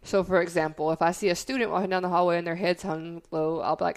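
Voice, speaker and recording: A woman talking candidly on a podcast, with a lowish, gravelly voice that often drops into vocal fry. She tells stories from work and acts out what she said to people. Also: fairly even intonation, fast talker. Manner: candid, storytelling with quoted asides. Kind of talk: casual podcast chat.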